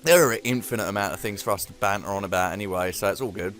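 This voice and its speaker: A man's voice: on the low side, very fast, fairly bright tone, faint music behind. A man chatting casually during a game session, rambling, swearing freely and laughing often. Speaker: gamer co-host. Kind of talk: casual chat while gaming.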